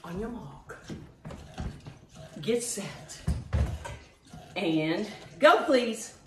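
A woman's voice: mid-range voice, lively intonation, very slow, a bit bright, slight background noise. A middle-aged woman leading a live workout class, chatty and upbeat, counting reps and getting out of breath. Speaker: fitness instructor. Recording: echoey room from a distance.

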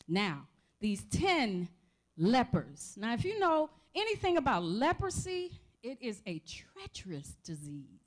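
A woman preaching a sermon in a church, calling out to the congregation for responses with shouts of praise. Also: on the high side. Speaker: pastor. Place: church sanctuary.

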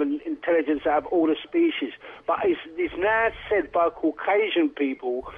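A man's voice: fairly high pitch, slightly rough. A man calling into a talk radio show, talking emphatically and rambling with many restarts. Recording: phone line on radio.

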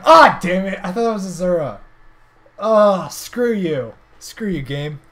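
A man streaming a video game, joking, swearing and reacting loudly. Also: high-pitched, unhurried. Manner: loud, excitable, swearing, jokey. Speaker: gaming streamer. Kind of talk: comedic let's play commentary.

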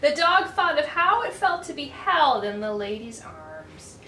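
A woman reading a children's storybook aloud, high and bright, with a lively lilt and an unhurried pace, pausing to ask her young listeners questions. Her voice rings in an echoey room, picked up from a mic set back from her, with a faint hiss behind. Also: distant mic. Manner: animated, asks listeners questions.

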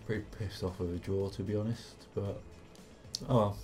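Sweary excitable young man. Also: on the low side, moderate pace. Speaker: gaming commentator. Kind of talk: casual gameplay commentary. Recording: game music playing behind.

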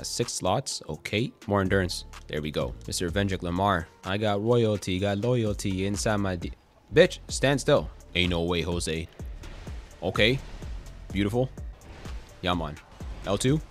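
A young man giving casual, excitable gameplay commentary, swearing and cracking jokes as he plays. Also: low voice, unhurried, soft background music. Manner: excitable, swearing, jokey, quotes song lines and memes. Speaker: gaming YouTuber.

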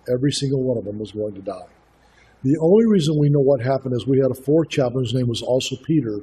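A man's voice: mid-range voice, dark tone. Man preaching an earnest sermon. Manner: earnest, storytelling preacher with asides to the congregation. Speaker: guest speaker. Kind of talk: sermon with storytelling.

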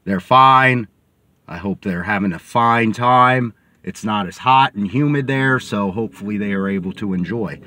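A man's voice: on the low side, moderate pace, bright, forceful tone, no echo. A man hosting a sports podcast, rambling casually in a chatty vlog while sitting in a car. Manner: rambling and chatty, many fillers.

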